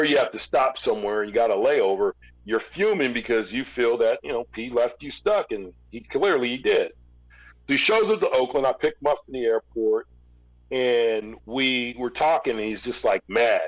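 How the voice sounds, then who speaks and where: A man's voice: medium pitch, lively intonation, moderate pace, lo-fi sound. A man, a former record label executive, telling a long story in a casual interview, with fillers and restarts.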